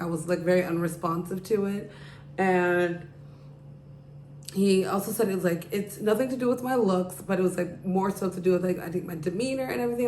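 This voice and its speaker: Her lowish, slightly mellow voice carries a casual, rambling story as she hosts her podcast, constantly saying "like" and "you know." The room echoes, and some slight background noise comes through.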